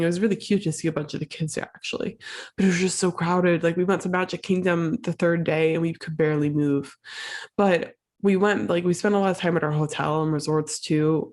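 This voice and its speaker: A woman's voice: deep voice, a little mellow. A woman hosting her own podcast, talking casually and encouragingly with many fillers while sick and a little out of breath. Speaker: podcast host. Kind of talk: solo podcast monologue.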